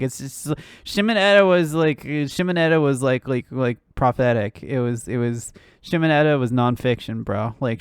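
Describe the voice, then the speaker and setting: A woman's voice: sits low, no room sound. Ranting, swearing woman streamer, dry sound. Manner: ranting, swearing, laughing, with lots of fillers. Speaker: streamer and news commentator. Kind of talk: casual live-stream reaction commentary.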